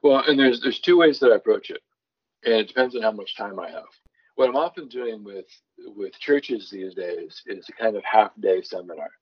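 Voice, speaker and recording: A man with a lowish, slightly rough voice explains at a moderate pace how he writes songs from scripture. The songwriter guest is thoughtful and conversational, often restarting sentences and reading scripture aloud with varied emphasis. The recording sounds muffled.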